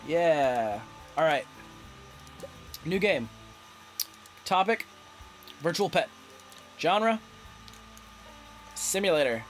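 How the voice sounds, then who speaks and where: A man giving casual, playful gameplay commentary, reading game text aloud and getting excitable. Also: a little high, drawn-out words, pauses often, soft background music. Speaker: let's play host.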